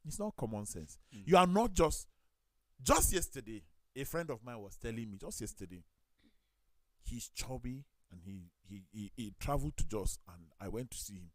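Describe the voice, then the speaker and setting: A man's voice: medium pitch, moderate pace, no room sound. A man with a Nigerian accent, a pastor hosting a studio talk show, telling anecdotes and acting out the people he quotes. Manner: storytelling, acts out quoted voices, lively.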